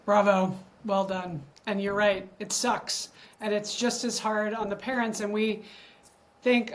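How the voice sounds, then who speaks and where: A woman's voice: mid-range voice, level tone, a little slow. A middle-aged woman hosting a podcast interview, affirming and conversational. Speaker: podcast host.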